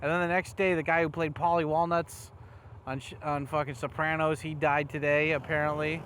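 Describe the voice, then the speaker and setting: A man records a casual riding vlog on city streets, his rambling rant full of curses. His voice sits a little higher than most men's. A faint hum of traffic runs behind him. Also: level tone, brisk, fairly bright tone. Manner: rambling, heavy swearing, angry. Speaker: motovlogger. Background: faint traffic noise.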